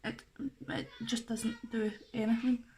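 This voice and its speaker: A woman's voice: a little high, flat delivery, unhurried, dark tone. A young woman talking through a makeup tutorial in a chatty, self-deprecating way. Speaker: makeup artist.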